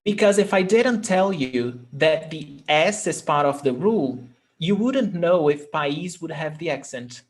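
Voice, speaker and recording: Slow, patient teacher, fairly high voice. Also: male voice, lively intonation. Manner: patient, repeats example words slowly. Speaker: language teacher. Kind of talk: live online class.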